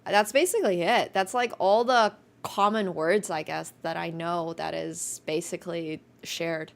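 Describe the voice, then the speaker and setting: Young woman streamer, gravelly edge, loose rambling chat with fillers. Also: fairly low pitch, steady tone, unhurried. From Finland. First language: Finnish. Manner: chatty, rambling, many restarts and fillers. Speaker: chess streamer.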